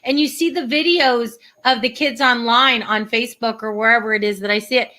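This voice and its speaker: Gushing older woman host, high bright voice. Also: fairly even intonation. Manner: gushing, emotional, fast bursts of speech. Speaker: show host. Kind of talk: conversational interview.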